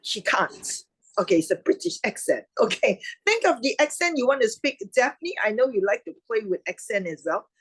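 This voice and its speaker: A woman hosting an online club meeting over a video call, chatty and quick to laugh. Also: fairly high pitch, big pitch swings, breathy edge, dry recording, poor audio. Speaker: meeting host.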